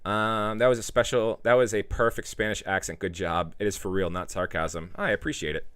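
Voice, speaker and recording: Man, stream host, low voice, loose chatty delivery, dry close mic. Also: steady tone, fairly quick, a bit bright, clear, resonant tone, dry recording. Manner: loose and chatty, reads out viewer chat. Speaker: livestream host. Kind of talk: casual livestream chat.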